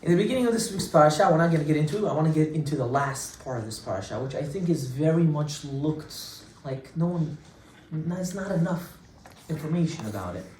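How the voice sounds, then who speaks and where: A man's voice: fairly quick, far from the mic, slight background noise. Man teaching Torah in an echoey room. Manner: animated storytelling, big swings of pitch and loudness; talks to class, asides to listeners. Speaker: rabbi teaching a Torah class. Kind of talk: informal Torah lesson.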